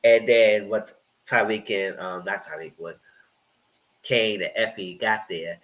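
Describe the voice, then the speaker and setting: A man's voice: on the low side, unhurried, a bit bright, rough recording. A man giving a casual TV episode recap, retelling scenes animatedly with frequent restarts. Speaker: TV reviewer.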